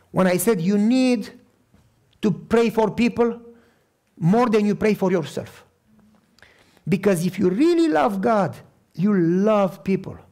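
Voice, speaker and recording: A middle-aged male pastor telling stories in a sermon, animated and acting out the voices he quotes. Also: sits high. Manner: animated, acts out quoted voices, repeats for emphasis. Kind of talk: storytelling sermon.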